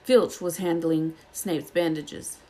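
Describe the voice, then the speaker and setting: A woman reading a children's novel aloud in a steady, even storytelling manner. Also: low-pitched, slow pace. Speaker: audiobook reader.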